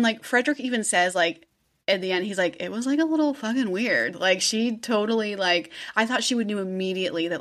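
A woman's voice: medium pitch, fairly bright tone. A woman hosting a casual podcast, telling a true-crime story in a chatty way, swearing and acting out quotes.

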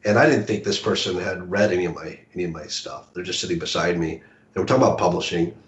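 Guy rambling w lots of restarts, lowish voice, roomy dull audio. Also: steady tone. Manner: halting, many restarts and fillers. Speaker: author and guest. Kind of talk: casual interview chat. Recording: echoey room, dull lo-fi audio.

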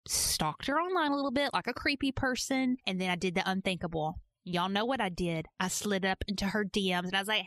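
Playful, animated woman podcast host. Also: mid-range voice, normal speed, dry recording, clean studio sound. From Georgia, US. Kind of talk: casual podcast narration.

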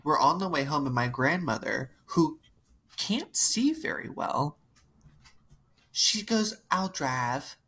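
A woman with a very low, husky voice tells a story on a casual podcast. She is wry and amused and drifts into drawn-out asides, speaking in an easy, chatty way. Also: big pitch swings, fairly bright tone. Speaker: podcast co-host. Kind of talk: casual chat, telling a family story.

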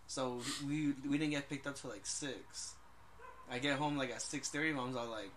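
A man's voice: a little high, fairly quick, pushed and bright, slight background noise. A young man co-hosting a casual podcast, telling rambling stories full of slang and swearing. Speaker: podcast co-host. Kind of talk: casual chat.

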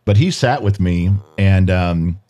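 A man's voice: unhurried, lo-fi sound. A middle-aged man co-hosting a podcast with his wife, talking casually and acting out quotes. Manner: animated, acts out quotes in a high voice. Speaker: podcast co-host. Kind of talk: casual chat. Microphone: studio mic.

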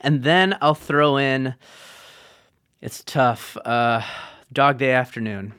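Male co-host, smooth tone, relaxed, dry studio mic. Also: mid-range voice, takes it slowly, dry recording. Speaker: podcast co-host. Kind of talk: film podcast chat.

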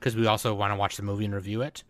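A man hosting an anime podcast, teasing his co-hosts and laughing often in relaxed banter. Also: lowish voice, rapid-fire, no echo. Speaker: podcast host.

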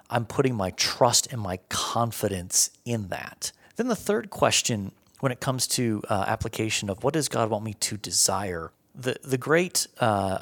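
A man being interviewed, earnestly explaining ideas step by step with everyday examples. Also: lowish voice. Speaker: Bible scholar guest. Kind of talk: conversational teaching.

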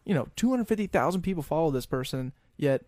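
A man hosting a podcast, asking rambling, halting questions full of restarts. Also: a little high, animated, a little mellow, no room sound, studio quality. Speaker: podcast host. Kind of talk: casual chat.

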